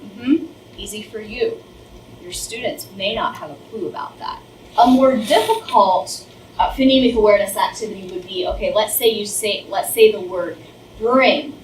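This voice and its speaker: A woman's voice: mid-range voice, moderate pace. A middle-aged woman, a first grade teacher, giving a training lecture on reading and demonstrating sounds. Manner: explains with demonstrations, overemphasizes sounds. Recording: roomy, distant, faint noise.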